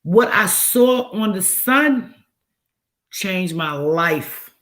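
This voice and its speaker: Man, raised-pitch voice, loose rambling livestream host who keeps asking the audience rhetorical questions. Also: lively intonation, very slow, bright, forceful tone. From United States. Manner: rambling, musing, asks many rhetorical questions. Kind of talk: casual livestream chat.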